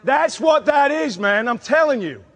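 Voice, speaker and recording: Guy doing a furious yelling director, super high voice, swings all over. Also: animated, unhurried, heavily acted. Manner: ranting, swearing, yelling.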